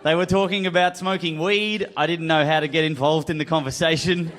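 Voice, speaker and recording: High-voiced Australian man doing stand-up. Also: fairly even intonation, brisk, a little hiss or hum. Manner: sheepish storytelling, yells at himself. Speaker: stand-up comedian. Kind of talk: stand-up routine.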